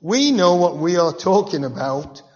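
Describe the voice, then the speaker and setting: A man's voice: on the high side, sing-song, a little slow, a little mellow. A man voicing arrogant religious leaders who boast about their learning and look down on others. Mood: scornful boasting. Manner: haughty, boasting, looking down on others. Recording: dull, echoey hall.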